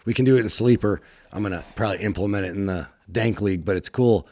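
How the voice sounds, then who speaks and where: A man's voice: on the low side, quick pace, dark tone, dry recording. A man co-hosting a casual fantasy football podcast, joking around in playful banter. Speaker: podcast co-host.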